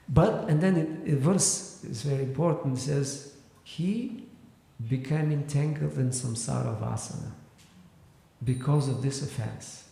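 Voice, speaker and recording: Male lecturer, scripture class, gravelly mellow voice, halting delivery, booming echoey hall. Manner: explanatory, halting with fillers and restarts. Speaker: spiritual teacher. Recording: echoey hall with long reverb.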